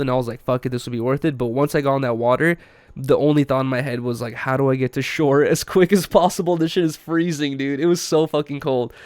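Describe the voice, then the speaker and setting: In a relaxed podcast chat, the young male host tells a story loaded with slang and fillers. His voice is medium-pitched with a somewhat dark tone, recorded without echo.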